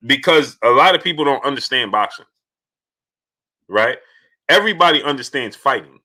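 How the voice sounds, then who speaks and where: A man hosting a casual live stream, halting with many fillers and pauses as he reads viewer messages. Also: medium pitch. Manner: halting, many fillers, bursts of excited yelling at a game. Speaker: live stream host reading super chats.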